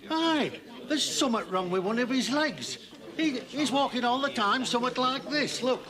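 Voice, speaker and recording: An actor playing a blunt, comic farmer with a broad, gruff Yorkshire accent in a 1970s television drama. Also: male voice, very high voice, moderate pace, a crowd in the background. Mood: aggrieved. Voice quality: broad, gruff, earthy dialect speech. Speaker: farmer client.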